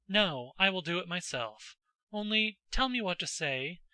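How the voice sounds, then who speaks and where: A man voicing an excited, indignant teenage noble girl in a classic audiobook, pleading and breathless. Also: high-pitched, measured pace, smooth, no echo, exaggerated voice. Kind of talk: audiobook character voice.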